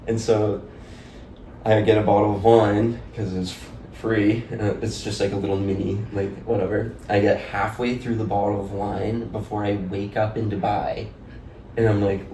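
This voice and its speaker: A young podcast guest tells a loose, rambling story, laughing and saying "like" constantly. His lowish, mellow voice has vocal fry and a flat delivery at normal speed, picked up by a distant mic in an echoey room with faint noise.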